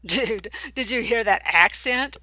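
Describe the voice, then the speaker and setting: A woman playing a loud, crude teenage boy, all taunts and swagger, in a storybook reading. His voice sits fairly high and bright, and the recording is dry and close. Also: slow, dry recording, full character voice. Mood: mocking. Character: brash mocking teenage boy.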